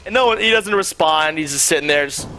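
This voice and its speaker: A man's voice: on the high side, fast talker, crowd noise. A young man streamer telling a rambling, profane story in casual chat, full of fillers.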